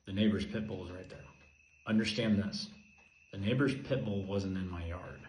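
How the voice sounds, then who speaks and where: A man telling a personal story in an intense, repetitive way, moving from urgent emphasis to a hushed voice. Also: low voice, steady tone, normal speed. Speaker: video host. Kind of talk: emotional personal monologue. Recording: echoey room with faint ambient noise.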